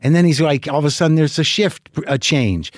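A man's voice: on the high side, fairly quick, dry recording, studio quality. A man hosting a show, telling a long rambling story full of swearing and self-deprecation. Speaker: podcast host. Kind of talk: monologue.

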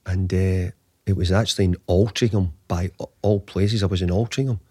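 A man's voice: deep voice, fairly even intonation, normal speed, darkish tone, breathy edge, no room sound, clean studio sound. A man in his fifties, a guest telling a long anecdote in an interview, rambling with frequent restarts. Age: 50s. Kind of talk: storytelling interview answer.

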